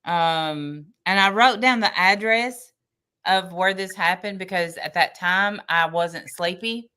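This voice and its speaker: A woman's voice: lowish voice, slow pace, bright, forceful tone, clear, resonant tone. A woman co-hosting a podcast, chattily recapping trial testimony from her notes with a wry tone. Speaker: podcast co-host.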